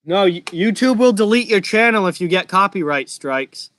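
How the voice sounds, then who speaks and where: This young man's high, bright voice carries a mild Massachusetts accent as he reacts casually to hockey on a live stream, pausing to field questions from chat. He sounds expressive and keeps a moderate pace. The audio is close and dry, without echo.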